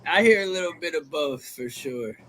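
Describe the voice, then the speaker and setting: A man's voice: a little high, animated, moderate pace, a crowd in the background, poor audio. A man hosting a casual late-night video chat, laid-back, swearing and calling people bro. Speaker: host. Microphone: video call.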